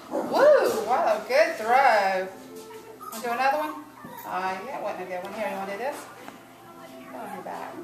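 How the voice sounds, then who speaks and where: A woman's voice: mid-range voice, moderate pace, long pauses. A woman in a home video, coaxing and playfully baby-talking to her pet bird as she tries to get it to play catch. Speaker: pet owner. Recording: roomy, distant home video with loud music.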